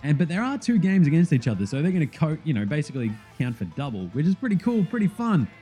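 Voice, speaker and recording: A slightly high-voiced Australian man talks quickly, hosting a sports podcast with excited, casual commentary packed with laughs and liberal swearing. Faint music plays behind him.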